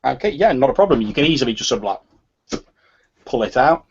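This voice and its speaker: Game master, male, mid pitch, husky, halting narration, lo-fi recording. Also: sing-song. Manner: hesitant, full of "sort of" and restarts.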